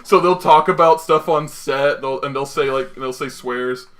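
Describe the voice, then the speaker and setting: A young man co-hosting a casual podcast chat, excitable and quick to swear and laugh. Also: medium pitch. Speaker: podcast co-host.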